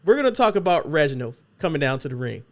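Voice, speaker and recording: A man hosting a casual podcast chat, joking and teasing his co-hosts in an animated way. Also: on the high side, fast talker. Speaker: podcast host.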